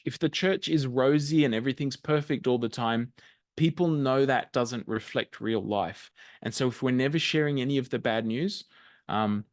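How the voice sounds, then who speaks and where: A man's voice: medium pitch, dry recording, clean studio sound. A middle-aged man with an Australian accent presents a church news webinar over a video call, talking conversationally with frequent ums and restarts.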